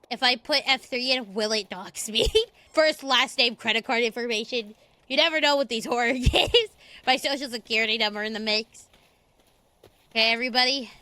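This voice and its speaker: A young adult woman streaming games, chatting and joking, and bursting into loud screams and curses. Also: a little high, no echo. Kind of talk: livestream gaming commentary.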